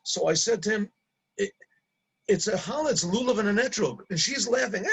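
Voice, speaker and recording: A middle-aged man, a rabbi, casually telling an anecdote, halting and repeating words and laughing at his own story. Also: high-pitched, expressive, vocal fry, fairly bright tone, breathy edge, rough recording.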